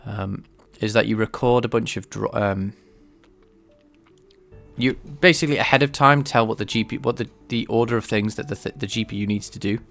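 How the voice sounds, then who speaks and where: A man livestreaming game development, thinking aloud in a halting way with many restarts. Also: fairly low pitch, gravelly, fairly bright tone, soft background music. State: sneezing, a bit stuffy. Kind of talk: casual livestream coding talk.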